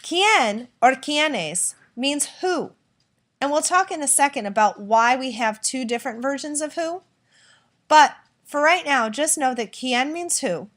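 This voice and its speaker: A woman teaching a recorded lesson, explaining clearly and patiently and acting out example sentences. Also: high voice, lively intonation, unhurried, a bit bright. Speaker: Spanish teacher.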